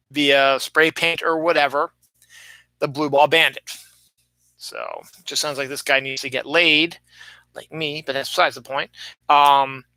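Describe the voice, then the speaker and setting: A young man hosts a casual news-chat podcast, wandering through stories with lots of fillers and restarts. His voice is very bright, smooth and slightly high. The sound is dry and close. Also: no room sound, low-quality recording. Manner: rambling, filler-heavy, self-interrupting. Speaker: podcast host.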